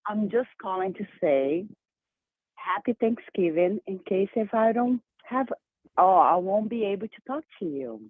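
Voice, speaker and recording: Brazilian woman caller, halting speech. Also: mid-range voice, animated, no echo. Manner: warm, halting non-native phrasing. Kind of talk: casual phone call. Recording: tinny phone line.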